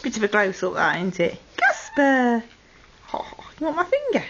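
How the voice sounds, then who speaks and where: In a lo-fi 2008 home video with faint noise, a woman talks baby talk to her pet parrots in a room with their cages. Her fairly high voice swoops wildly in pitch at a moderate pace as she coaxes them and fondly scolds them.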